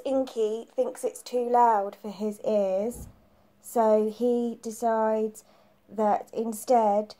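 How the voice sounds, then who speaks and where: Woman, preschool phonics teacher, unhurried, patient, mellow tone, clear repeated letter sounds. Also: mid-range voice. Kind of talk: phonics lesson for young children.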